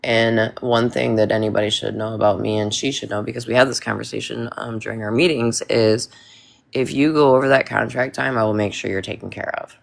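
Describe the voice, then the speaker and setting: A woman's voice: rumbling low, fairly even intonation, a little fast, gravelly. A woman telling a long story in casual chat, emphatic and rambling, with many restarts.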